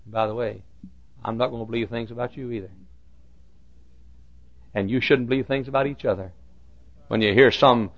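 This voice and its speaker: A man preaching a sermon, repeating phrases for emphasis and swinging from loud outbursts to hushed lines. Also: medium pitch, animated, a little fast, pauses often. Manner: swings between loud shouted lines and hushed quiet ones; repeats phrases for emphasis, acts out quoted dialogue. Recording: dull lo-fi recording.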